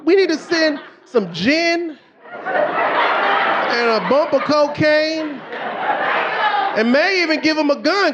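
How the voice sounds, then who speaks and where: With a very high-pitched voice and a slight hiss or hum in the audio, a middle-aged comic works a club stage. His storytelling is lively, and he changes his voice to play the characters he quotes.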